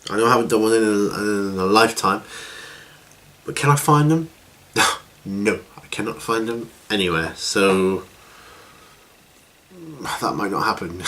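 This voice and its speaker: Middle-aged man, lowish voice, casual rambling vlog host. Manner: rambling, relaxed, with many fillers and restarts. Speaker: hobby channel host. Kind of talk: casual chat.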